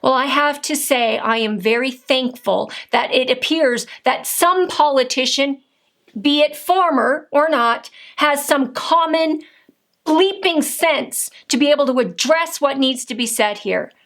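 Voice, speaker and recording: Indignant high-voiced woman ranting. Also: measured pace, fairly bright tone. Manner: indignant, combative, rhetorical questions. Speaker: political vlogger. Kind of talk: angry political rant to camera.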